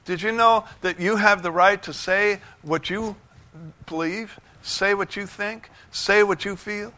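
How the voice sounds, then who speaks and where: Male pastor, fervent sermon delivery, bright forward tone, dynamic swings from hush to shouts. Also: a little slow. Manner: fervent, rising to shouts of joy then dropping low. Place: church sanctuary.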